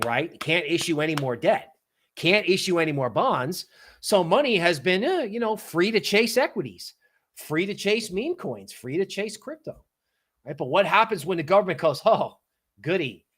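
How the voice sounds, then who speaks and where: A man with a somewhat high voice hosts a livestream of casual market commentary. He talks in an animated, sarcastic way and keeps slipping into mocking quoted voices. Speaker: livestream host.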